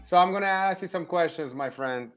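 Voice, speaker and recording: A man's voice: sits high, a little fast, over loud music. A man interviewing a friend, asking questions in a friendly, casual way.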